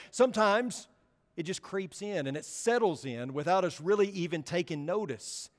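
Guy preaching a sermon, pretty high voice, earnest, slows down to hit points, church reverb. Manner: earnest, slows for emphasis, drops quiet on key words. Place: church sanctuary. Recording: long hall reverb.

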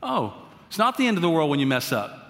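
Higher-voiced pastor preaching in a reverberant hall. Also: male voice, big pitch swings, quick pace. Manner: conversational, emphatic preaching with asides to the congregation. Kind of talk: sermon. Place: church sanctuary. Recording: long reverb of a large hall.

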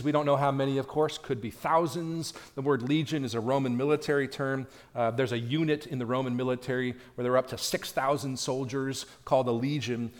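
Male pastor preaching in a reverberant church. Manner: animated preaching, acts out quoted pleas with raised pitch and volume. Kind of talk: sermon. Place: church sanctuary.

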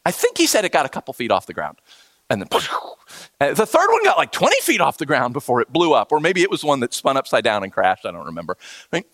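Pastor guy preaching, big swoopy storytelling voice, really animated, dry close sound. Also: mid-range voice, fast, no echo. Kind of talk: sermon.

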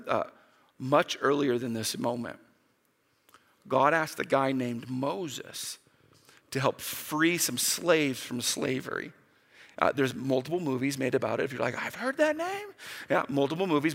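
A man preaching a sermon, talking casually and acting out the quotes with big swings in his voice. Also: vocal fry. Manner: animated, acts out quotes with big pitch jumps. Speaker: pastor. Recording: long hall reverb.

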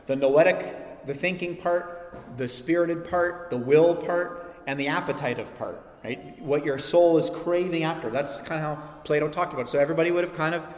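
A man preaching a sermon in a church, lively and acting out the voices he quotes. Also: fairly high pitch, moderate pace. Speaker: pastor. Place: church sanctuary. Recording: echoey hall with long reverb.

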